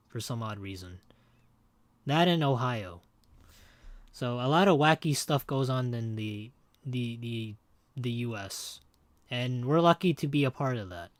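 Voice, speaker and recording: A man's voice: mid-range voice, dry recording. Rambling, joking male game streamer. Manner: rambling and joking, chatting with viewers. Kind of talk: casual livestream chat.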